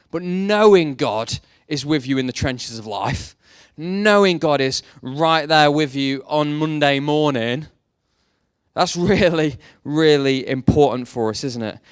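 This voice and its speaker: A man's voice: mid-range voice, clean tone, no room sound, studio quality. A young man preaching a sermon, mixing faith talk with self-deprecating jokes about his past. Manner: jokey, self-deprecating storytelling. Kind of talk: sermon with personal stories.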